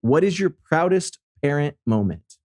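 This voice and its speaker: A man's voice: on the high side, sing-song, moderate pace, a little mellow, no room sound, clean studio sound. A man hosting a podcast, introducing segments and a guest in an upbeat, friendly way. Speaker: podcast host. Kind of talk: casual chat and sponsor read.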